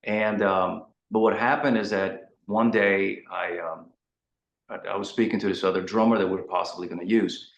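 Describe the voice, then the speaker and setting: A man with a low voice tells animated, rambling stories as a guest in a casual interview. He leans on fillers and restarts. The room around him rings with a noticeable echo. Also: moderate pace, vocal fry, highs cut off. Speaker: guest rock singer. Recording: roomy echo.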